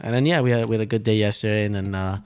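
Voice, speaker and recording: A young man co-hosting a podcast, telling a personal story in a rambling, animated way. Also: lowish voice, very fast, smooth. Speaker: podcast co-host. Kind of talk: casual storytelling.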